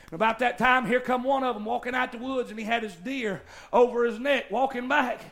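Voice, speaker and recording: A man preaching a sermon. He moves between folksy storytelling and impassioned, shouted exhortation. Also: very high voice, steady tone, a little fast.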